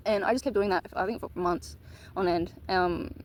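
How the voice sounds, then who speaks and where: A woman's voice: mid-range voice, moderate pace, poor audio. A woman telling a personal story in a casual, candid monologue, swearing casually. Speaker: vlogger.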